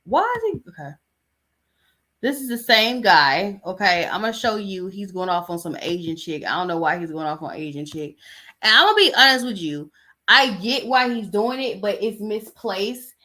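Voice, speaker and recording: A woman's voice: medium pitch, animated, normal speed, pushed and bright. A woman hosting a podcast, giving casual commentary in a blunt, exasperated, chatty way. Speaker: podcast host.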